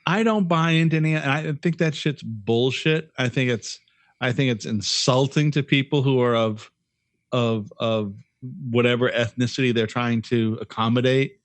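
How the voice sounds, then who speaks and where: A man's voice: mid-range voice, normal speed, dry recording. A man co-hosting a casual podcast chat, talking bluntly with plenty of swearing and stammered restarts. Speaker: podcast co-host.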